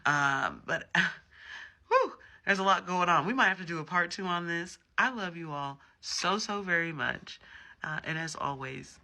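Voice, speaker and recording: A man's voice: fairly high pitch, animated, measured pace, bright, forceful tone. A man giving a casual tarot reading, chatty and emphatic, with frequent personal asides. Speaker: tarot reader.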